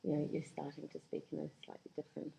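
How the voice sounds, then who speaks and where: A woman's voice: deep voice, monotone, fast talker, gravelly, noisy background. A woman with a New Zealand accent, a guest chatting casually in an interview, laughing often. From born in England, raised in Yemen and New Zealand.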